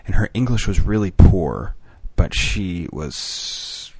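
A man's voice: deep voice, lively intonation, slow, a little mellow, breathy edge, dry recording. A man co-hosting a podcast in casual chat, telling wry stories and laughing at them. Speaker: podcast co-host.

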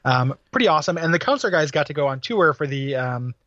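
A man's voice: a little high, animated, fast talker, fairly bright tone, no echo, muffled recording. A man co-hosting a podcast, talking casually in a rambling way with many fillers and restarts. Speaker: podcast co-host. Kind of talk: casual chat.

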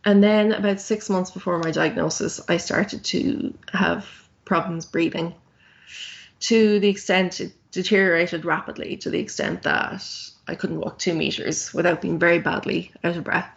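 A woman's voice: on the low side, fairly even intonation, moderate pace, creaky, muffled recording. A woman in her thirties, a podcast guest telling her own story in a candid, plain-spoken way with frequent ums.

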